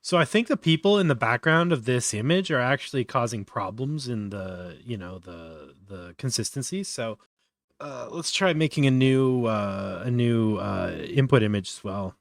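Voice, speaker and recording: Man, stream host, casual tutorial talk, lots of ums and uhs, yawny, mid-pitched, dry close sound. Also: lively intonation, normal speed, no room sound. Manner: thinking aloud with many fillers and trailing restarts. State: yawning often.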